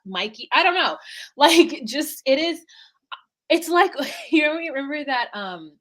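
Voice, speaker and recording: A young woman co-hosting a podcast, recapping a reality show in animated, blunt casual chat and acting out what people said. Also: high-pitched, unhurried. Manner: animated, blunt and swearing, acts out quotes. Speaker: podcast co-host.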